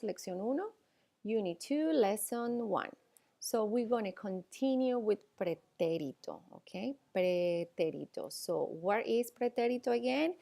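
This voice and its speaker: A woman's voice: mid-range voice, a little mellow. Patient woman teaching, checking in often. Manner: explains slowly with frequent "okay?" and "all right?" checks. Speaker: Spanish teacher. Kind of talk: classroom lecture.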